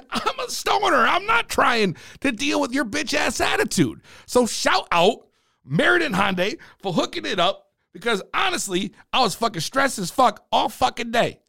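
Man, high bright edgy voice, swears nonstop, animated vlog storytime rant. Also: moderate pace, vocal fry, no echo, clean studio sound. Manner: profane, animated, ranting. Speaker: vlogger. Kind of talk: casual ranting storytime.

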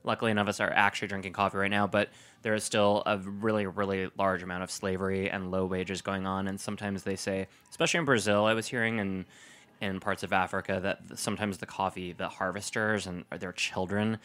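A man co-hosting a food podcast, chatting in a rambling, animated way. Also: sits low, a little fast, smooth. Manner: rambling, animated, restarts sentences. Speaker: podcast co-host. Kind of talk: casual chat.

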